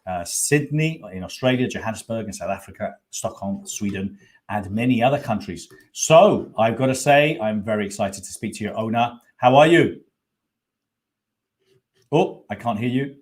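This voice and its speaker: A man's voice: on the low side, animated, normal speed. A man hosting an online expo over a video call, greeting guests with effusive enthusiasm. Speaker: host.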